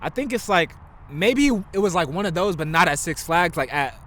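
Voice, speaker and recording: A man's voice: a little high, expressive, normal speed, a bit bright. A young man co-hosting a casual podcast chat, slangy and laid-back, often laughing. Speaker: podcast co-host.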